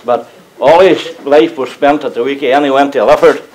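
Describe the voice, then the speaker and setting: A man's voice: medium pitch, normal speed, darkish tone, rough recording. An older man with a Northern Irish accent tells humorous yarns about his days at the mill to a live audience, chuckling as he goes. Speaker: local speaker recalling mill days. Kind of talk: anecdotal storytelling to an audience. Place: community gathering before a live audience.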